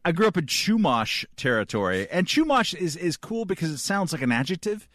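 A man co-hosting a podcast in casual chat, rambling and wry, his voice trailing off softly. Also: a little high, very animated, brisk, no echo, clean studio sound. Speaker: podcast co-host.

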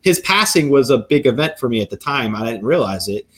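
A man, guest on a podcast, talking as a psychic medium and lawyer, telling stories in an animated, lively way. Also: medium pitch, husky. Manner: animated, quick storyteller. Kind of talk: storytelling in a podcast interview.

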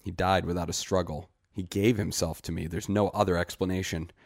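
A frightened, desperate young village man pleading earnestly, as a male reader voices him. The voice is very low and stays near the reader's own. It is a storybook reading with a dry, close sound. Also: steady tone, a little fast, gravelly, no echo.

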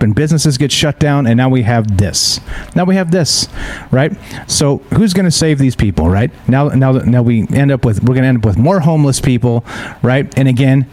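A man's voice: mid-range voice, a little mellow. A tired man hosting a live news stream, reading articles aloud and ranting about them in a blunt, sarcastic, profane way. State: tired, yawning. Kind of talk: casual opinionated news commentary. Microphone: streaming microphone.

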